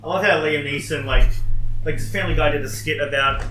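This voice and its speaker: A young man co-hosting a podcast, chatting casually and laughing often. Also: on the high side. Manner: animated, laughs often, does quick voices. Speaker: podcast co-host. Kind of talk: casual chat. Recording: echoey room, far mic, faint noise.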